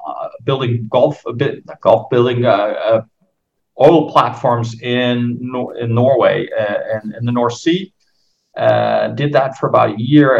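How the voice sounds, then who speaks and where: His voice is mid-range and creaky. He's a Dutch golf course architect in his fifties with a somewhat American accent, meandering through a podcast interview from home with many restarts and fillers, captured on muffled lo-fi audio.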